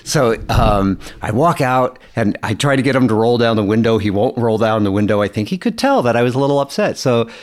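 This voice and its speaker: A man's voice: mid-range voice, lively intonation, fairly quick, few pauses. A middle-aged man telling a personal story in a candid, casual way, swearing freely and laughing as he goes. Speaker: guest.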